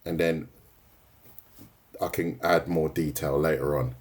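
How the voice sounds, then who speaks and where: A man's voice: extremely low pitch, steady tone, measured pace. A man leading a live drawing tutorial, chatting casually with his viewers and often checking in with "right?" and "mate". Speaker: art tutor streaming live.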